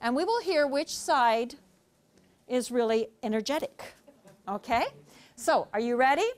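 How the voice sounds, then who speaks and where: High-voiced woman leading a class. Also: unhurried. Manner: energetic, coaxing, leads drills. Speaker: ESL lead teacher. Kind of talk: classroom teaching.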